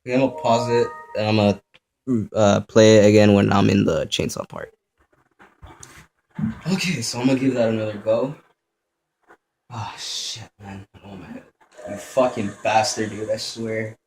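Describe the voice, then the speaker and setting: A young man plays a video game, offering profane, joking let's play commentary and talking back at the enemies. His lowish voice has vocal fry, moves at normal speed with frequent pauses, and sits in an echoey room with steady noise.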